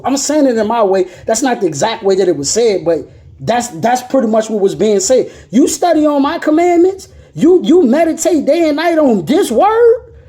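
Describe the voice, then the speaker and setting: A woman's voice: sits high, warm tone. A woman preaching an emphatic, repetitive motivational sermon with casual slang, rising to impassioned peaks.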